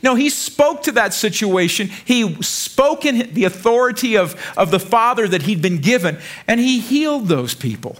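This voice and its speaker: A pastor from the United States, a man, preaching a sermon in an energetic, joking way, repeating lines and stumbling over words. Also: sits high, moderate pace, hardly any pauses.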